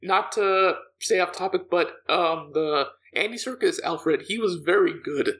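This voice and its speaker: A man co-hosting a podcast in casual chat, halting, with many fillers and repeats. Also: sits high, fairly bright tone.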